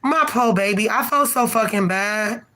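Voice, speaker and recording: A woman's voice: medium pitch, normal speed, slight background noise, low-quality recording. A woman hosting a livestream reading, telling a story about her son in a candid, profane, casual way. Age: adult parent. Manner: candid, profane, animated when retelling. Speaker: tarot reader and livestream host.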